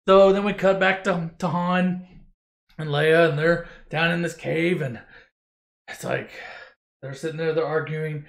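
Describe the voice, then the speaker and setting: A man with a high voice retells a movie for laughs, rambling and swearing sarcastically. The recording is roomy and echoey. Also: moderate pace, creaky. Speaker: narrator. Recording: echoey room.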